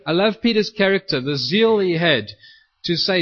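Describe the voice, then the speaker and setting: Animated preacher man, lo-fi sound. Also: fairly high pitch, normal speed. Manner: animated storytelling, acts out quoted voices. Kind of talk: sermon.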